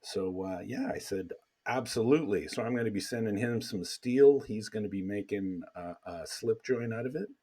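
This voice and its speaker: A man's voice: fairly low pitch, moderate pace. A man hosting a casual podcast chat, rambling along with lots of fillers. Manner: relaxed, rambling with many fillers. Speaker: podcast host.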